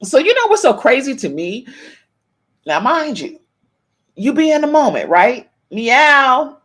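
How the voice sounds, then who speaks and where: A woman's voice: sits high, big pitch swings, unhurried, a bit bright. A woman hosting a casual live-stream gossip podcast, reading viewers' chat comments aloud and calling out meow to them. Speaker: podcast host.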